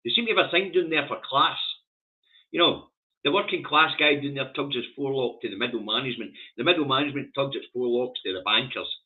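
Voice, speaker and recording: A man's voice: medium pitch, fast. Sweary Scottish man ranting, tinny sound. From Scotland. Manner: sweary, scornful, animated ranting. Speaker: host of a news review stream. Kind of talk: ranting newspaper review. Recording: tinny phone-like audio.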